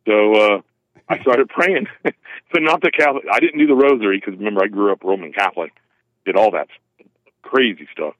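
A man calling in by phone, rambling and halting with self-deprecating restarts. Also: lowish voice, no echo. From California. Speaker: caller. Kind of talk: phone call-in chat. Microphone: telephone. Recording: tinny phone line.

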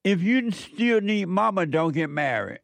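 A man hosts a call-in show. His voice sits a bit high for a man and he lectures emphatically, repeating his points. The sound is dry and close. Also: animated, measured pace, creaky, no room sound. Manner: preachy, emphatic, repeats phrases. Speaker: radio talk show host. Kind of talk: call-in radio talk.

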